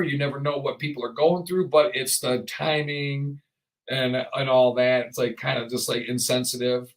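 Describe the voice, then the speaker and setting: A man hosting a casual podcast chat, rambling and animated, often acting out the voices of people he quotes. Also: mid-range voice, moderate pace, poor audio. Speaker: podcast host.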